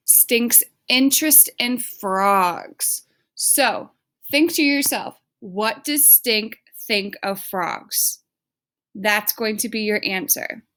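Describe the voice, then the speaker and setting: A woman teacher reading a children's book aloud and explaining a reading question slowly and patiently. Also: on the high side, fairly bright tone. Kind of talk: reading aloud and classroom instruction.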